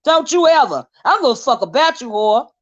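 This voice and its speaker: Fairly quick and expressive, a high-voiced American woman vents on her channel in an angry, profane monologue, confronting her target with insult after insult. The highs are clipped from the audio.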